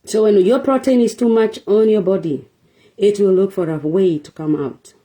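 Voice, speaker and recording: A relationship talk show host delivers a sermon-like monologue in a mellow, medium-pitched voice at a moderate pace. She repeats herself for emphasis and fires rhetorical questions at her viewers.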